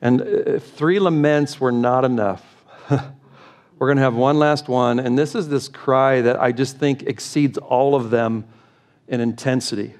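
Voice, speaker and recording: A middle-aged man preaches a sermon from a church pulpit. His voice sits at an ordinary mid pitch. He speaks with earnest conviction that rises into impassioned, urgent pleading. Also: steady tone, a little slow, a little mellow. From United States. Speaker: pastor. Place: church sanctuary.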